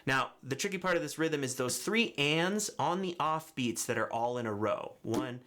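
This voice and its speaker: A man teaching a ukulele tutorial, giving clear, patient step-by-step instructions and counting beats aloud. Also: mid-range voice, lively intonation, normal speed, background noise. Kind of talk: music tutorial, counting and singing along. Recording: ukulele playing behind the voice. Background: ukulele strumming.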